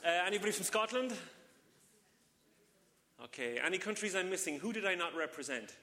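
A man's voice: sits high, fairly quick, big-room sound. Joking British man addressing a congregation. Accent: British English. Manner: joking, chatty and lively. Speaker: visiting church speaker. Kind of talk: casual talk to a congregation. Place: church service in front of a congregation.

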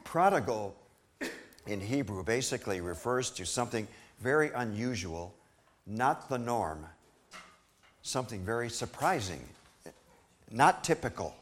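A man's voice: mid-range voice, lively intonation, unhurried, long pauses, slight background noise. A man preaching a sermon, reading scripture dramatically and asking the congregation rhetorical questions.

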